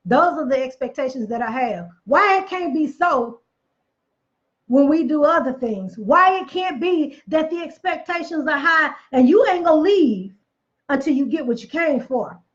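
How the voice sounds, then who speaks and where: A woman's voice: sits high, animated, moderate pace, lo-fi sound. A woman giving a casual motivational talk, emphatic and preachy, repeating phrases for effect, with chatty folksy asides. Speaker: motivational speaker.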